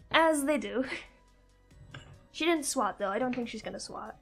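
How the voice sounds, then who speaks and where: A woman's voice: high-pitched, fairly bright tone, poor audio. A woman hosting a live stream, chatting casually and rambling as she plays, swearing now and then. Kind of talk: casual live-stream chat while drawing and gaming.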